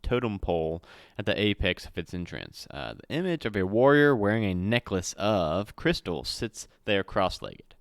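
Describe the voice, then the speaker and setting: A man with a low, smooth voice reads out a solo adventure module as game master. He trips over words, corrects himself and breaks off for casual asides. The sound is close and dry, with no room around it. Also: big pitch swings, normal speed, no echo. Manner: reads with slips and self-corrections, chatty asides. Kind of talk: reading a solo adventure aloud.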